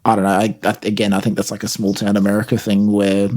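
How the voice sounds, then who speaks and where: A man co-hosting a casual podcast, talking in a wry, deadpan way. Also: fairly low pitch, fast talker. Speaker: podcast co-host. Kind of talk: casual chat.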